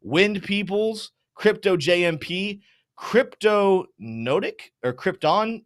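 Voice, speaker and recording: An energetic young man hosting a live market show, his voice sitting a touch high. He rattles through viewer names and shout-outs with hype-style enthusiasm, then shifts into quick chart commentary. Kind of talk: live stream, reading chat names and market talk.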